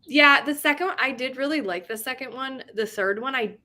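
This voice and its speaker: This young woman speaks a little fast in a high-pitched voice that's pushed and bright. Hosting a casual livestream, she reads chat comments aloud, chats in a rambling fashion, and laughs often.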